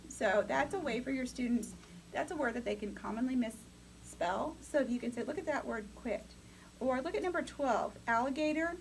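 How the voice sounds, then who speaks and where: A woman's voice: a little high, moderate pace, gravelly, slight background noise, poor audio. Upbeat woman teaching a class. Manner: upbeat, coaching, calls on students. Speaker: teacher educator. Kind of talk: classroom lecture.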